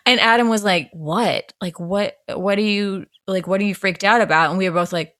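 A woman hosting a casual podcast, telling animated stories and acting out quotes, talking like a makeup artist chatting with a friend. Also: medium pitch, brisk, no echo. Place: Los Angeles.

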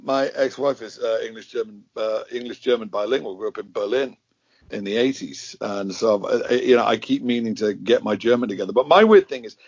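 Husky host on dry, dull audio. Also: male voice, mid-range voice, no room sound. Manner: chatty, self-deprecating, brisk asides. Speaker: podcast host. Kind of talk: casual conversation.

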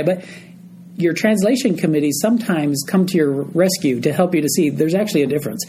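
A man's voice: a little high, brisk, dark tone, slight background noise, low-quality recording. A man teaching a group Bible study, explaining a passage verse by verse and often checking in with his listeners.

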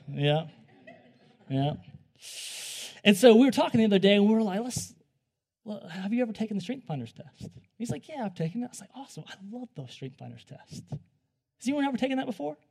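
A young man giving a conversational sermon, animated and joking, often restarting his sentences. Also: on the high side. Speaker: preacher.

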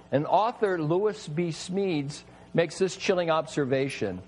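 A man's voice: fairly high pitch, measured pace, hardly any pauses, a little mellow, a little hiss or hum, low-quality recording. A man preaching a sermon, emphatic and full of rhetorical questions to his listeners.

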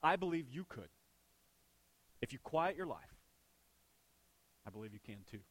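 A man preaching a sermon in a conversational way, asking rhetorical questions and moving between hushed, intimate lines and emphatic ones. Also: medium pitch, big pitch swings, a little slow, breathy edge, no echo. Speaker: pastor.

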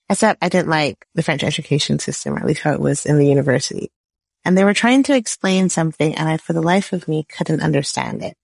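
Gravelly low-voiced woman lawyer. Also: no room sound. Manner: explains with everyday analogies, frequent "right?". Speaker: business lawyer guest. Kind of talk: podcast interview.

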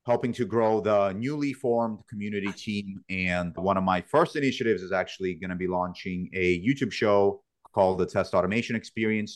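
A man introducing himself on a podcast panel, sounding enthusiastic and eager. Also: deep voice. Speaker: panel guest. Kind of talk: casual self-introduction.

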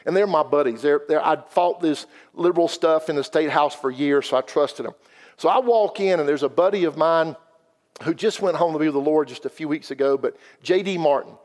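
Man in his fifties, folksy church testimony, higher voice, long hall reverb. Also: a little fast, darkish tone. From South Carolina. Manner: folksy, earnest storytelling. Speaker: guest speaker at a church. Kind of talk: personal testimony. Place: church sanctuary.

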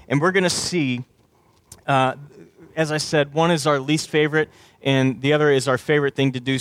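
A man's voice: on the high side, a bit bright, dry recording. A man preaching a sermon as a pastor, talking conversationally and acting out quoted voices.

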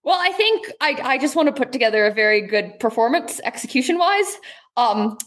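A woman's voice: high voice, lively intonation, brisk, fairly bright tone. A young adult woman, a guest athlete, giving modest, hesitant answers in a casual interview.

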